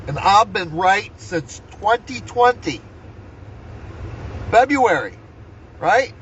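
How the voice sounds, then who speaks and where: Older man ranting, high, heated voice. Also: fairly bright tone, dull audio, a little hiss or hum. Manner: heated, swearing, keeps asking "right?". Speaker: vlogger. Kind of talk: angry personal rant. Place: inside a vehicle.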